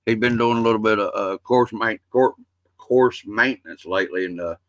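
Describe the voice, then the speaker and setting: A man's voice: fairly low pitch, moderate pace, no room sound, poor audio. A man hosting a casual livestream, rambling and teasing his friends with salty jokes. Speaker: livestream host.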